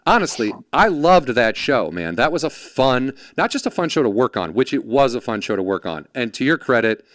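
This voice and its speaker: A man hosting a casual podcast interview, telling animated stories and acting out the voices of people he quotes. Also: mid-range voice, normal speed, no room sound. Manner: animated storyteller, acts out quoted voices, laughs often. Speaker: podcast host.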